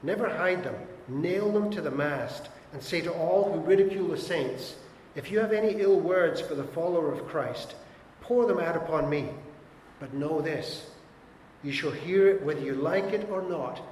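The preacher here has a fairly high but darkish voice and speaks at a moderate pace. As pastor, he exhorts emphatically with short, repeated urgings, his words echoing through a church hall's long reverb over slight background noise.

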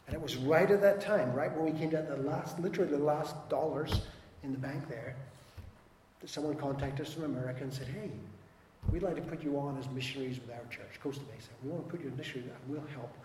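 A man preaching a sermon as pastor, animated, acting out quoted voices and swinging between loud and soft. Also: fairly high pitch, roomy sound, big-room sound, a little hiss or hum.

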